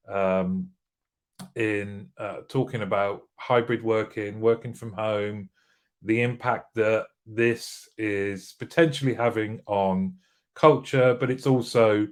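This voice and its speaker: A British man hosting a casual live show, greeting viewers by name and joking as he reads their comments. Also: on the low side. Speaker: livestream host.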